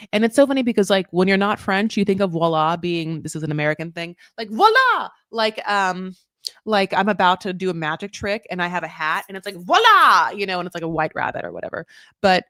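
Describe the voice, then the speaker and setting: A woman hosting a casual recap commentary, chatty and full of fillers, swearing freely and acting out quotes in high mock voices. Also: no room sound, studio quality. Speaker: recap show host.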